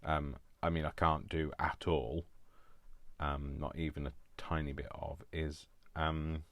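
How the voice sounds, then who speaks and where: A man's voice: a bass voice, flat delivery, unhurried, a bit bright, dry recording. A man hosting a live crafting demonstration from home, chatting in a rambling, self-deprecating way with many fillers. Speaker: craft video host.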